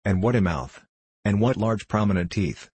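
A man narrating a classic novel in a measured, formal reading. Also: lowish voice, expressive, darkish tone, breathy edge, no echo. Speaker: audiobook narrator.

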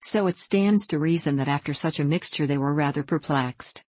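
A woman narrating a children's story for an audiobook, in a measured storytelling manner. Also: low-pitched, darkish tone, no echo.

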